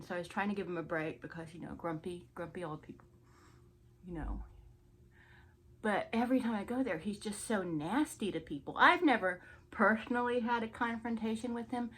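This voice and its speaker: Woman vlogger, mid-pitch, casual indignant storyteller. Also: moderate pace, fairly bright tone, husky. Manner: chatty, indignant storytelling with laughs. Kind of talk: get-ready-with-me story time.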